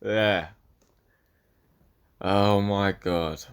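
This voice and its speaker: Young male podcaster, lower voice, loose and profane, drifting and restarting his thoughts. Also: fairly even intonation, drawn-out words, clean tone. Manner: rambling, profane, self-interrupting. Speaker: podcast host. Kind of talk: solo podcast monologue.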